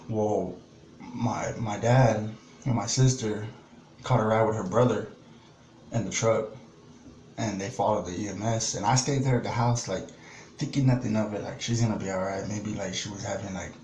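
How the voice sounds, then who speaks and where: A young man casually telling a personal story to his vlog audience, rough and plain-spoken, with lots of fillers and swearing. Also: fairly low pitch, a little mellow, a little hiss or hum. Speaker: vlogger. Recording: echoey room, faint ambience.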